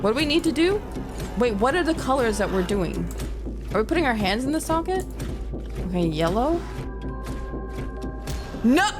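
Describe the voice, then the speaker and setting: Brief: young female let's-player, exasperated and animated, game music under her voice. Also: fairly high pitch, fairly quick, long pauses. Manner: exasperated, sarcastic, talks to chat. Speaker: gaming streamer. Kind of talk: let's-play commentary.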